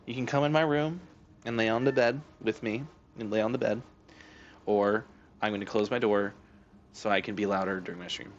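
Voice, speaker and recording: A man's voice: lowish voice, steady tone, normal speed, highs cut off, a little hiss or hum. Casual young male game streamer. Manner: joking, talks to his cat. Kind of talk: casual live-stream chat.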